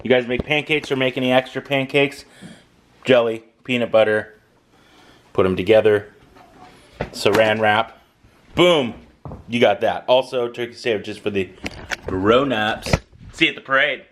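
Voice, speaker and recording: A man's voice: mid-range voice, a little slow, pauses often, slight background noise, poor audio. A man in his thirties, a father chatting upbeat and direct to viewers in a casual family vlog. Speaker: vlogger and father.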